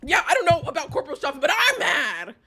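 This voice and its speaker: A woman's voice: sits high, huge pitch swings, fairly quick, pushed and bright. A young woman streamer giving casual live commentary, rambling and heated, with lots of restarts and swearing.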